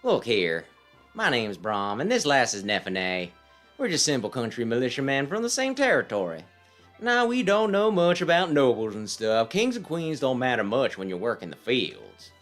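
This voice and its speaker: A man's voice: mid-range voice, wildly swooping pitch, moderate pace, fairly bright tone, faint music behind. A man voicing a plainspoken, folksy male farmer militiaman while reading a game aloud.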